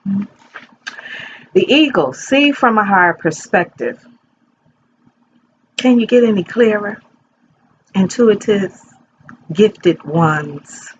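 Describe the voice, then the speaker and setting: A woman's voice: mid-range voice, lively intonation, slow, pauses often, dull audio, a little hiss or hum. Chatty woman in her fifties reading tarot. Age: 50s. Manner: chatty, rambling, talks straight to viewers. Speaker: tarot reader. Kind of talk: casual tarot reading chat. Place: bedroom at home.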